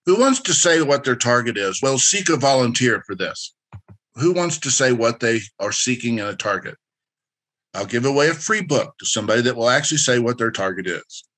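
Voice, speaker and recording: A man's voice: mid-range voice, expressive, a little fast, fairly bright tone. A man presenting a career workshop in a direct, instructive and encouraging way, drawing answers from participants. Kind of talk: interactive workshop lecture.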